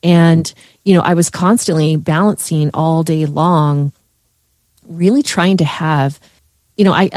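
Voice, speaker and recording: A woman's voice: low voice, steady tone, a little slow, a little mellow, dry recording, clean studio sound. A woman coach talking in a heartfelt, rambling way, with many fillers and restarts, in a podcast conversation. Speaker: guest, coach. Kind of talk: emotional conversational podcast chat.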